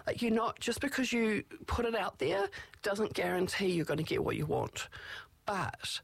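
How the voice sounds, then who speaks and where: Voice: medium pitch, lively intonation, moderate pace, creaky, husky, no room sound. A speaker in casual advice talk, candid and reflective, giving self-advocacy tips in long rambling phrases.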